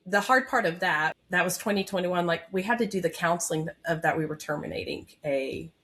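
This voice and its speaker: A woman's voice: fairly low pitch, brisk, fairly bright tone. A woman in her thirties, a nurse, telling her personal story as a podcast guest in a candid, heartfelt way with many fillers. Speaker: labor and delivery nurse. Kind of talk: emotional personal story in an interview.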